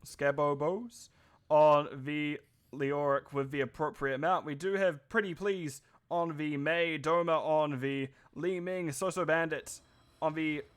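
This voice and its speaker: Male esports caster, New Zealand accent, slightly high voice, loose chatty play-by-play with joking asides. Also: fairly even intonation, unhurried, smooth. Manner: chatty, self-deprecating, rambling asides. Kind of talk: live esports play-by-play commentary.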